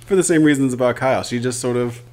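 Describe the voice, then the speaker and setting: A man's voice: mid-range voice, quick pace, darkish tone. A man co-hosting a podcast in casual chat, blunt and swearing, often laughing. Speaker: podcast co-host.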